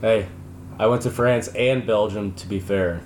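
A young man co-hosting a casual sports podcast, bantering and boasting in quick joking back-and-forth. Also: on the low side, steady tone. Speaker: podcast co-host. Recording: roomy, faint background hum.

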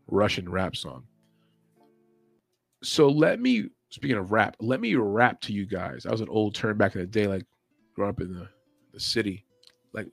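Guy rambling on his stream, mid voice, swears a lot, quiet music in the back. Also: mid-range voice, creaky, no room sound. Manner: loose and rambling, swears freely; mimics commentators with sudden yells and whispers. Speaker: podcast host. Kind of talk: casual livestream chat. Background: faint music playing.

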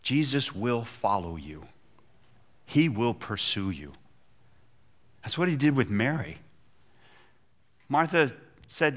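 A man preaching a sermon, retelling Bible stories with animated storytelling and acted-out voices. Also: medium pitch, slow, long pauses. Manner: animated storytelling, acting out voices of biblical figures. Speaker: pastor.

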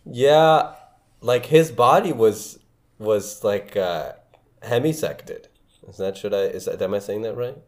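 A man's voice: lowish voice, unhurried. A young man in casual chat as a podcast co-host, rambling, restarting his sentences and laughing often.

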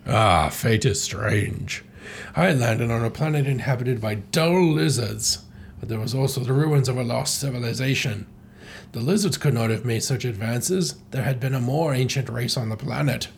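A man voicing a smug, vengeful male ape villain in a comic, speaking slowly and menacingly. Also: mid-range voice, gravelly, a little hiss or hum, close to an everyday voice. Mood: gloating. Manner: slow, drawn-out, menacing delivery.

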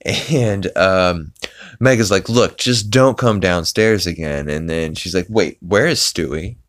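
Podcast host, man, low and smooth, casual rambling recap, frequent fillers. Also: measured pace. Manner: rambling, laughing, swearing, many fillers.

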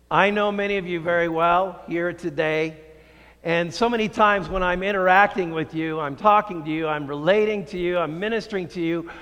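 Preacher guy, high voice, slow emphatic sermon, echoey church hall. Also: fairly bright tone, smooth. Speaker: pastor. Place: church sanctuary.

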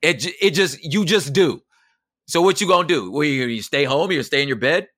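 A bright, forceful male voice with a dry, close sound. He talks as an interview guest in an animated, slangy way. He keeps checking that his listener follows him. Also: on the high side, fairly quick, no echo. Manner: animated, slangy, keeps asking "you know what I'm saying". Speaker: poet and emcee. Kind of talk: casual interview conversation.

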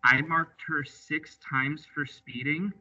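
A man's voice: fairly high pitch, fairly even intonation, slow pace, pushed and bright. A man who works as a drive examiner, telling stories from the job in an easygoing way and quoting what people said. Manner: easygoing, recounts with quoted dialogue. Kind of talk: storytelling in an interview. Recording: slightly distant, muffled audio.

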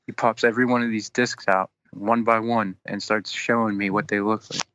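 A man telling a long story in casual chat, animated and swearing constantly as he acts out both sides of an argument. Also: fairly low pitch, normal speed, slight background noise. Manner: animated, heavy swearing, quotes people in exasperated retellings.

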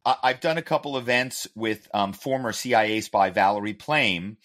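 A man from the Philadelphia area, a guest telling stories in an animated, self-amused way in an interview. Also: on the low side, normal speed. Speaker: guest, author and former corporate spy. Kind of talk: conversational interview storytelling.

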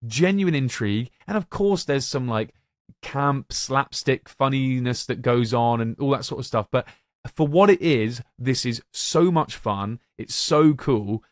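A man's voice: medium pitch, measured pace, no room sound, clean studio sound. A young man co-hosting a podcast, enthusiastically praising films and addressing listeners like a showman. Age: young adult. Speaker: podcast co-host. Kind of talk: enthusiastic film-ranking chat.

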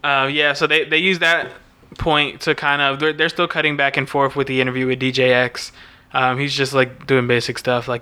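A man chatting on a podcast, retelling a film in loose casual talk and slipping into the characters' lines as he goes. His voice is bright and crisp, at an ordinary middle pitch. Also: fairly quick. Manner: animated retelling, acting out dialogue. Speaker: podcast co-host. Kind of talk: casual chat recapping a movie.

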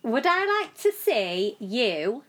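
A woman's voice: a little high, sing-song, takes it slowly, a bit bright. A woman, co-hosting a podcast in playful, giggly casual chat. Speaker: podcast co-host. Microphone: podcast mic with headphones.

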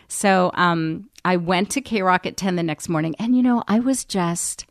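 A woman's voice: on the low side, measured pace, hardly any pauses, no echo, studio quality. A woman in her forties, a radio personality, telling a story candidly in a podcast interview, chatty and peppered with ums.

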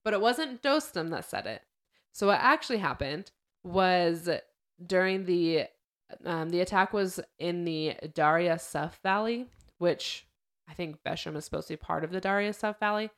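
A woman's voice: lowish voice, normal speed, fairly bright tone. Chatty woman retelling a story. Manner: chatty storyteller, acts out quotes. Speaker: podcast host. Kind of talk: casual podcast chat.

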